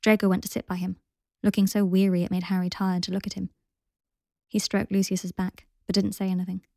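A woman reads a story aloud in a calm, steady voice with a gravelly texture. The sound is dry and close, with no room around it. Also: medium pitch, brisk, dry recording. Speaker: narrator. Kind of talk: audiobook reading of fan fiction.

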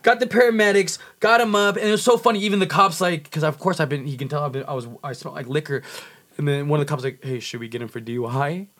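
A man's voice: a little high, steady tone, quick pace, fairly bright tone. A man with a Californian accent telling a story in casual chat, frantic and swearing, acting out the people in it. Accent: Californian English. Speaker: podcast guest.

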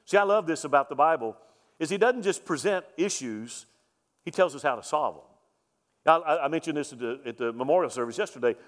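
A pastor delivers a sermon in a fairly high voice, hammering points home by repeating them. He asks the congregation rhetorical questions. His words trail off into the long reverb of a church hall. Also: lively intonation, brisk. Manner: emphatic, repeats key lines, rhetorical questions.

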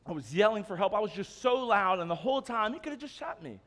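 High-voiced man telling a story in a hall. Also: a little fast, hardly any pauses. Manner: lively, addresses listeners with frequent "okay?" asides. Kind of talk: first-person storytelling. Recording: long reverb of a large hall.

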